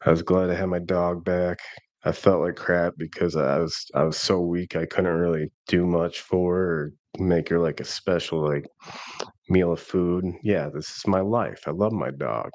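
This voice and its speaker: A man's voice: deep voice, normal speed, a little mellow, dry recording. A man in his thirties telling a rambling, self-deprecating personal story in a casual vlog. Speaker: vlogger.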